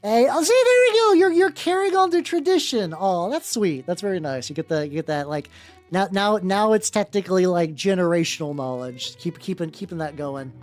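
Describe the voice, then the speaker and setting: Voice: mid-range voice, expressive, brisk, a little mellow, faint music behind. A streamer chatting casually while painting miniatures, rambling with many stammered restarts and casual swearing.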